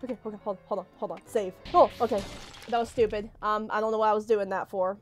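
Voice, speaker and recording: A woman's voice: mid-range voice, steady tone, fast talker, faint music behind. A woman giving live gameplay commentary. She is jumpy, swears a lot and talks back to the game characters. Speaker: let's play gamer.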